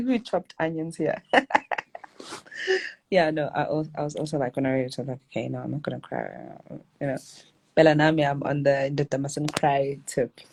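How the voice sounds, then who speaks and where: A young South African woman talks casually into her phone during a livestream at home. Her voice sits low and comes through husky. She rambles and laughs often, mixing English with Zulu. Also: expressive, normal speed, a little mellow, rough recording. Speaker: livestream host.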